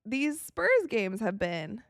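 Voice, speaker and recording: An excitable woman from the United States giving casual live commentary while watching a game, tired and yawning, with quick reactions and frequent laughs. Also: medium pitch, creaky, no echo, clean studio sound. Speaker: live-stream sports commentator.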